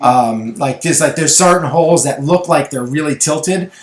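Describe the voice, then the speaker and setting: A middle-aged man co-hosting a podcast, telling a story in casual, animated chat. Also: fairly high pitch, moderate pace. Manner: animated storyteller, acts out voices in anecdotes. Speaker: podcast co-host. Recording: echoey room.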